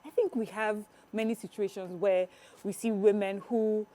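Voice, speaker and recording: A woman with a Nigerian accent co-hosts a talk show, asking questions at a measured, encouraging pace. Her voice is mellow and warm, sitting at a middle pitch. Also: fairly even intonation. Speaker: co-host. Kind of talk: interview questions.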